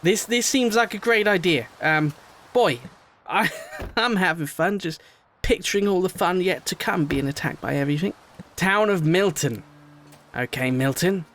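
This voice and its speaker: A young man giving casual let's-play commentary on a game, rambling, excitable, sometimes shouting and swearing at what happens. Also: high voice, normal speed. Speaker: gaming video host.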